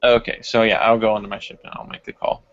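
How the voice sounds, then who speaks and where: A man's voice: on the low side, big pitch swings, fast talker, vocal fry, a crowd in the background. A man playing in a tabletop game, talking in an easygoing, hesitant way. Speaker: player. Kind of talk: casual game chat. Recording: dull dry lo-fi recording.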